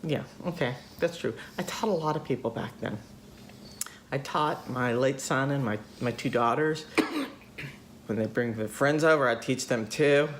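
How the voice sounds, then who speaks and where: A woman's voice: a bass voice, measured pace, slight background noise. An older woman hosting a casual chat, talkative, laughing often and acting out voices in her stories. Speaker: host.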